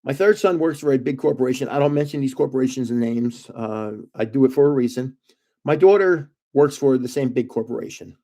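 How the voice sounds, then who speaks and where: A man's voice: medium pitch, fairly quick, dark tone. An older man, host of a card-collecting stream, telling meandering family stories in a casual way and chuckling at himself. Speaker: host of a trading card livestream. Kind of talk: rambling casual storytelling.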